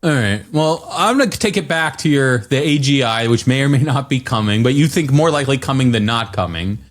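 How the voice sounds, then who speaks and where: A man's voice: mid-range voice, lively intonation, a little fast. A man co-hosting a podcast in a casual discussion, musing aloud, restarting sentences and posing questions. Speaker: podcast co-host.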